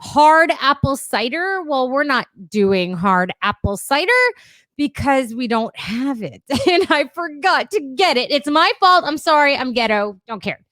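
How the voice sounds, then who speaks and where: A woman's voice: high-pitched, expressive, measured pace, fairly bright tone, no room sound. A young woman, co-hosting a casual chat while mixing a cocktail, bawdy and giggly and swearing freely. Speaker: co-host.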